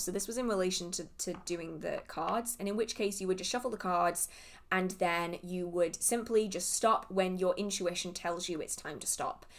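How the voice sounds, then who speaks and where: A woman's voice: fairly low pitch, vocal fry. A young woman from England with a southern English accent, hosting a live witchcraft Q&A stream and answering viewer questions in a chatty, rambling way. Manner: chatty, rambling, goes off on tangents. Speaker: witchcraft Q&A livestream host. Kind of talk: casual livestream chat answering viewer questions.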